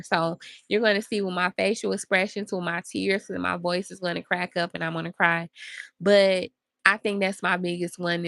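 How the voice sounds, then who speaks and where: A woman hosts a motivational podcast and speaks earnestly and directly to her listeners. Her voice has a slightly gravelly texture. It sounds close and dry, with almost no room sound. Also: fairly low pitch, pushed and bright, dry recording. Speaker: podcast host. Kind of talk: motivational talk.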